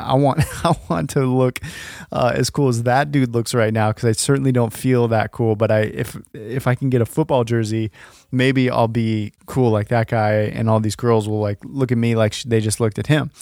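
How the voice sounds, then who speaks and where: A man's voice: mid-range voice, darkish tone, no echo, studio quality. A man telling a self-deprecating personal story in a casual talk, chuckling often and restarting his sentences.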